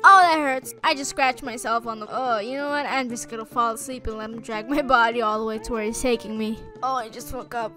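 A woman gamer and channel host giving excitable roleplay commentary, often panicking and repeating herself. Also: on the high side, fairly quick, few pauses, music in the background. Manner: panicky, exclaiming, repeats phrases.

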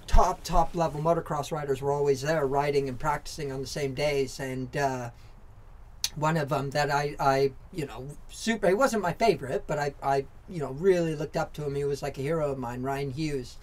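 A man's voice: fairly high pitch, normal speed. An American man in his forties from Southern California, a former motorcycle racer telling stories as a podcast guest, candid and rambling, with lots of fillers, restarts and casual swearing. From Southern California, USA. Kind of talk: casual storytelling interview.

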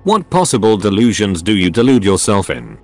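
A man's voice: fairly low pitch, big pitch swings, a little fast, darkish tone. A synthetic male voice voicing a proud, bitter old alien elder who speaks with haughty scorn. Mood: scornful. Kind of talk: synthetic storybook narration.

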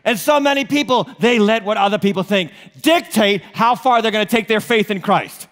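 In a church auditorium with a long hall reverb, a male pastor with a New England accent delivers an animated sermon, joking and firing rhetorical questions at the congregation. His voice is high-pitched and his pace moderate.

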